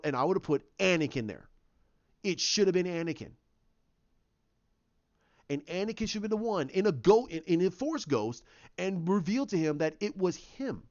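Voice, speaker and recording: A man's voice: fairly high pitch, a little mellow, dull audio. A man giving an opinionated, emphatic movie review, often repeating himself. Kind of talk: casual movie review rant.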